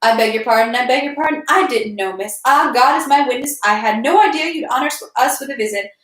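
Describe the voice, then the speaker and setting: A woman voicing a fussy elderly nobleman who rambles and repeats himself in a raised, halting voice, recorded in a roomy space. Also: on the high side, fairly bright tone, voice pushed up, natural voice. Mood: flustered.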